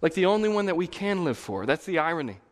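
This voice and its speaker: A man's voice: on the high side, sing-song, fast, in a large hall. A man preaching a sermon as pastor, conversational, swelling into emphatic repeated phrases. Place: church.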